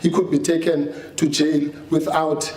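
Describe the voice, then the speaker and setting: A man's voice: a little high, level tone, a little slow, a little mellow. A man arguing before the court, restarting his sentences at times before making firm, assertive points. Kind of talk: courtroom legal argument. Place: large courtroom. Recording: roomy courtroom echo, faint hiss.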